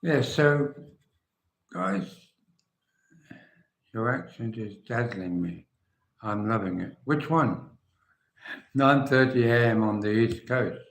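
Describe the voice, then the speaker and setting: A man's voice: on the low side, echoey room. An older English man hosting a casual livestream, chatting and answering viewers' comments by name. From England. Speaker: livestream host.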